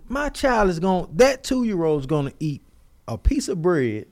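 A man's voice: high voice, measured pace. A man in his forties, a podcast co-host, telling a story in casual chat and acting out what other people said. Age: 40s. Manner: animated, acts out others' lines in his stories.

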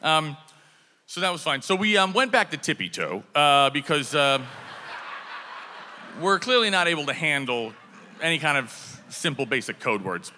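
A man with a bright, fairly high voice tells a comic story on stage, swinging his pitch all over as he acts out the scene. His voice rings with a long reverb from a large hall. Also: moderate pace, long pauses. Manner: animated, acts out shouted dialogue. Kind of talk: live comedic storytelling.

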